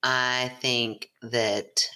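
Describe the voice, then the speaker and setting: Deep-voiced woman teasing her sister, debunking ghost stuff fast. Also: little pitch movement, pushed and bright. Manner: teasing, skeptical, quick. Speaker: skeptical podcast co-host. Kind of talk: casual chat.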